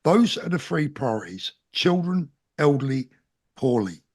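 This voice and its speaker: A man's voice: fairly high pitch, very animated, a little slow, a little mellow, husky. A middle-aged man with a South London accent, a guest talking in an interview in an earnest, plain-spoken and emphatic way. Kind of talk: casual interview talk.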